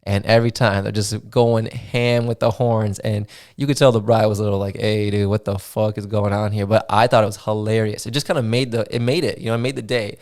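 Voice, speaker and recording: A young man talks loosely into his podcast mic, his voice sitting a bit low. He rambles through a story with plenty of "dude", "man" and swearing, relaxed and unhurried. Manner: laid-back, swears freely, many fillers like "dude" and "man". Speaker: podcast host. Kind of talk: casual solo podcast storytelling.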